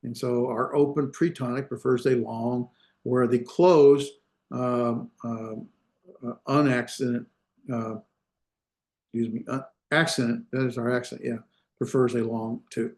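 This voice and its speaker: A man's voice: mid-range voice, level tone, a little slow, a little mellow. A man teaching an online grammar class, explaining step by step and often stopping to check that his students are following, heard over a video call. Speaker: Hebrew grammar instructor.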